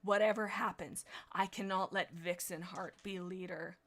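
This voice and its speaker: A woman's voice: fairly low pitch, fairly even intonation, moderate pace, a bit bright. A woman reading a grim, unbothered tomcat. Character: wounded, unbothered male warrior cat. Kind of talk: reading a fan fiction aloud.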